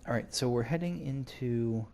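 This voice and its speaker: Man, middle pitch, slightly gravelly; chatty game streamer, faint noise floor. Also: normal speed, darkish tone. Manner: chatty, thinks aloud, reads in-game notes. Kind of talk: casual let's-play commentary.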